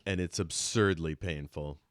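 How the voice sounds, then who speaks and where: Slow, deep-voiced man running a game. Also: smooth, no echo, studio quality. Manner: relaxed, laughs often. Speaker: game master. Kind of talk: running a tabletop game over a video call.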